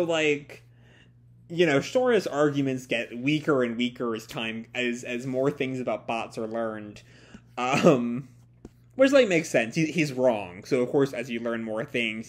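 A man hosting a casual manga reaction, recapping the chapter and sharing his opinions with many fillers. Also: mid-range voice. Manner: lively, with many fillers, reads quoted dialogue in put-on voices.

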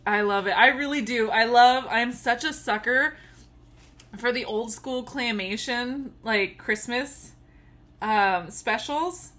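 High, bright-voiced gushing woman. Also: slow pace. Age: adult with children. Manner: gushing and giggly, often squealing with delight. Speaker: tumbler crafter unboxing a gift. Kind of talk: casual unboxing vlog.

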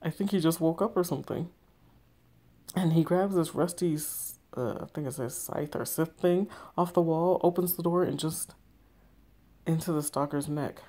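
A woman reading the texts of a young woman hiding from a stalker, hushed and tense. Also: low-pitched, normal speed. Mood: scared. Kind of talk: text story read aloud.

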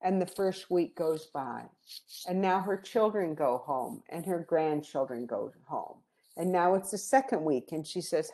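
Calm woman teaching about grief, low mellow voice, takes her time. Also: normal speed. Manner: calm, gentle storytelling. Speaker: grief educator. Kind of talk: educational presentation.

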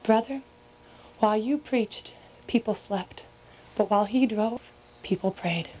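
A gracious, solemn saint at heaven's gate, as a woman puts him on, speaking at an ordinary middle pitch. He welcomes people warmly, then turns grave. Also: a little slow, background noise, close to an everyday voice.

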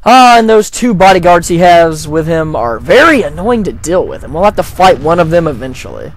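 A man joking and rambling through a video game playthrough, with a gravelly, slightly high voice. His pitch bounces around a lot as he reacts to the game. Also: very animated, a little fast. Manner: rambling, jokey, self-deprecating. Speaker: let's play gamer. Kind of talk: casual gameplay commentary.

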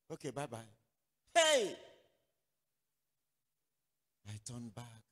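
A man from Nigeria preaches, acting out both sides of a story with bursts of shouting. His husky voice leaps up and down in pitch. The sound carries a long, ringing hall reverb. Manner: animated storytelling, acting out dialogue, sudden loud outbursts. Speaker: pastor. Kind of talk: sermon.

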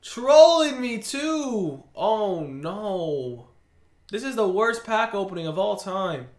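A gaming video creator comments on a video game pack opening, ranting in exasperation with frequent groans and sighs. His high-pitched voice is sing-song and slow, captured in a roomy, echoey recording.

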